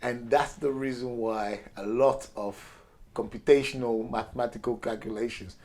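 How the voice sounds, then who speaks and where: A man's voice: mid-range voice, fairly even intonation, normal speed, darkish tone. An older man whose first language is Portuguese, tipsy and rambling through a profane history rant while acting out characters in quotes. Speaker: show regular.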